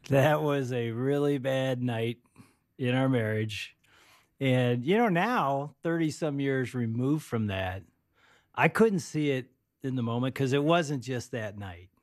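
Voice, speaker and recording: A man's voice: medium pitch, lively intonation, a little slow. A man in his fifties, a pastor co-hosting a casual chat, reflective and given to teasing interjections. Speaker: co-host, pastor.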